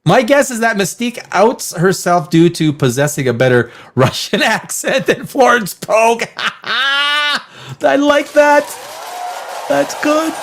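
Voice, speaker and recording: A male host on a live movie stream who reads out chat comments, swears freely and laughs a lot. His voice sits somewhat high for a man, and his pitch leaps all over the place as he riffs. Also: very animated, moderate pace, hardly any pauses. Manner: crude, rambling, laughs often, reacts to chat.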